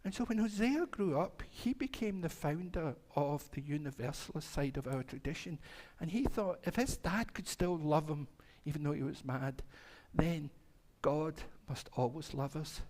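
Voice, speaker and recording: A man's voice: fairly high pitch, a little mellow. A male minister telling a story to the children at a church service, acting out the voices and asking them questions. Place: congregation hall.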